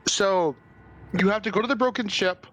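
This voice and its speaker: A man's voice: high voice, moderate pace, a bit bright, rough recording. A man chatting casually and eagerly, jumping in to explain things to a friend. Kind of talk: casual chat.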